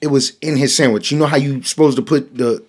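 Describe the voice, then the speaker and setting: A man hosting a podcast, telling a profane story in a casual, animated way, swinging from loud bursts to hushed asides. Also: mid-range voice, quick pace, slightly rough. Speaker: podcast host.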